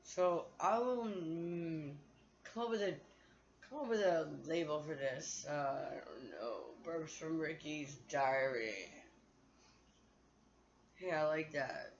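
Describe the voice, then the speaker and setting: A woman's voice: low voice, animated, takes it slowly, long pauses, highs cut off, a little hiss or hum. A woman vlogger talking to her phone in a candid, profane, rambling monologue.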